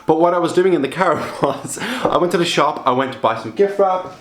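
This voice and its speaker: A man's voice: a little high, a little fast, echoey room. Chatty young man vlogging at home. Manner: chatty, self-mocking, rambling. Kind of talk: casual vlog chat. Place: apartment at home.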